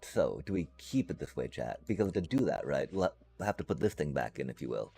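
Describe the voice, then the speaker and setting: A man's voice: a bass voice, sing-song, fairly quick, gravelly, mellow, husky, faint music behind. A man streaming a game live, chatting casually and playfully to his viewers in a rambling way. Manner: rambling and playful, addresses chat.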